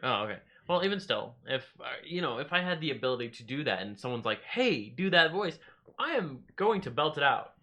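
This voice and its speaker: A man co-hosting a podcast in casual chat, excitable and swearing now and then. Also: fast talker, few pauses. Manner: excitable, swearing, jumpy pitch. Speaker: podcast co-host.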